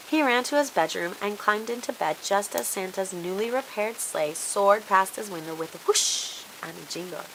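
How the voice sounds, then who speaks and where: Bright-voiced woman reading a storybook. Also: medium pitch, normal speed, hardly any pauses, a little hiss or hum, poor audio. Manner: expressive, animated read-aloud.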